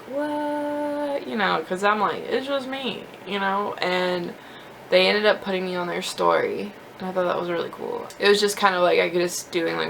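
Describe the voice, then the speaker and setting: A young woman chats through her makeup routine, rambling and poking fun at herself. Her voice has a gravelly edge with vocal fry. There is a faint hiss of noise underneath. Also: on the low side, a bit bright. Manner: chatty, self-deprecating, many fillers like "like". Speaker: beauty vlogger. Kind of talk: casual chat while doing makeup.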